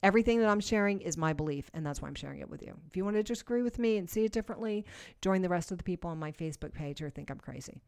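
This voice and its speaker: A woman's voice: lowish voice, lively intonation, very fast, creaky. Emphatic woman preacher. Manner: earnest, emphatic, swings between soft and loud. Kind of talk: sermon.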